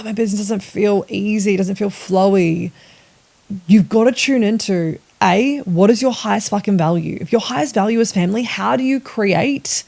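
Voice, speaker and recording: A woman in her thirties, a business coach and mother, talking in a casual, animated and sweary podcast monologue, repeating words for emphasis. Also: mid-range voice, gravelly.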